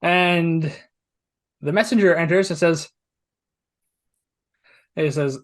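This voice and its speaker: A man's voice: fairly high pitch, slow. A man narrating a tabletop game as game master, often rambling and restarting his sentences. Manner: rambling, with many restarts and hedging words.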